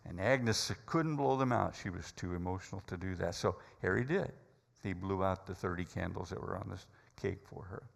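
A man's voice: deep voice, moderate pace, vocal fry, long reverb tail. A man preaching a sermon, telling a story dramatically with hesitant fillers.

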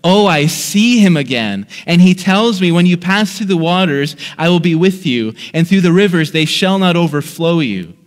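A man preacher voicing a despairing male pilgrim who is drowning and crying out, his voice rising in pitch and volume. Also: lively intonation, normal speed, hardly any pauses, in a large hall, lightly acted. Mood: relieved.

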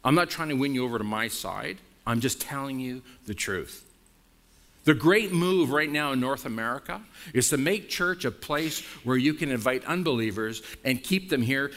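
A male pastor delivering a sermon with a lively, animated voice that rises and drops sharply for emphasis. He speaks frankly and bluntly, pressing his points home to the congregation. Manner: emphatic preaching with wide swings in pitch and loudness.

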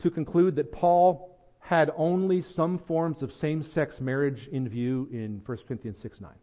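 A man's voice: a little high, unhurried, highs cut off. Earnest Southern man preaching a sermon. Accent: Southern American. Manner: earnest, builds to emphatic, repeats words when stressing a point. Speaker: pastor.

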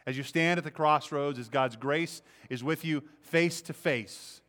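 A male pastor delivers an impassioned sermon, repeating phrases and acting out the speech he's quoting. His voice sits a little high and a bit bright, and he speaks somewhat slowly.

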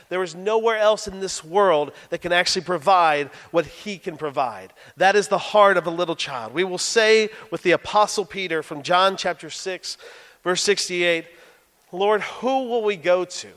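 A man's voice: high-pitched, a bit bright. Pastor guy preaching, telling funny stories on himself, big echoey church. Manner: storytelling, self-deprecating humor. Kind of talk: sermon. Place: church sanctuary.

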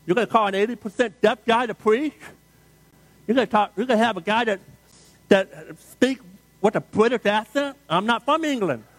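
A pastor preaching a sermon, telling the story dramatically and repeating refrains for emphasis. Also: male voice, high voice, normal speed, no room sound.

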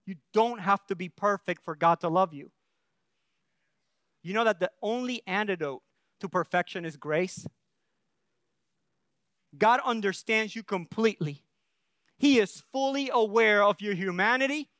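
A man's voice: sits high, unhurried, long pauses, fairly bright tone, clean tone, no echo, studio quality. A male pastor preaching a sermon in an earnest way, often checking in with the congregation and restarting his phrases.

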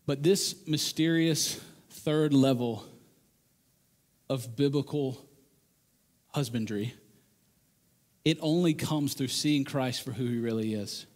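A man preaching a sermon to men, earnest and animated, acting out the voices he quotes. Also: medium pitch, slow, long pauses. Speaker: pastor.

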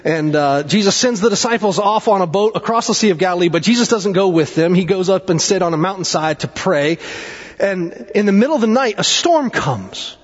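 A male pastor preaching a sermon, with dramatic swings in pitch and pace and chatty asides. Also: expressive, fairly quick, slightly rough. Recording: dull sound with long hall reverb.

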